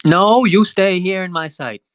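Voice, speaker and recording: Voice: medium pitch, measured pace, no room sound, pitched above the performer's own voice, lightly acted. A game master voicing a touchy, proud male security guard who is defensive and indignant. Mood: stubborn.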